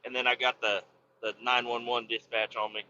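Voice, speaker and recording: A man's voice: mid-range voice, fairly quick, lo-fi sound, slight background noise. A man hosting a podcast, casually telling a story with a lot of cursing and repeating himself. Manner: profane, animated, repeats himself.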